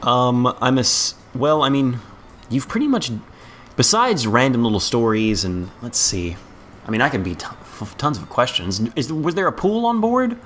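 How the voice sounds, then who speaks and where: A man's voice: medium pitch, sing-song, normal speed, fairly bright tone, a little hiss or hum. A man hosting a podcast in casual chat, friendly and a little hesitant when he asks questions. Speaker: podcast host.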